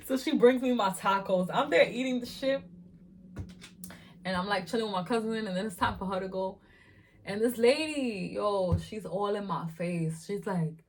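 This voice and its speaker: A young woman vlogger in her twenties telling a storytime while eating, animated and profane with frequent laughter. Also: on the high side, fairly quick.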